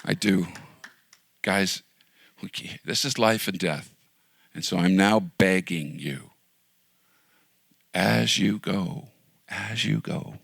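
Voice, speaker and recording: Earnest low gravelly-voiced male pastor. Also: a bit bright, no echo. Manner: earnest, pleading, drops to near-whisper at times. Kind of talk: sermon.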